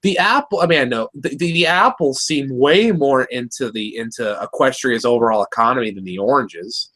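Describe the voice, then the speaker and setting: A man co-hosting a cartoon review show, talking in an animated, rambling way with many restarts. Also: medium pitch, moderate pace. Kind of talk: casual review chat.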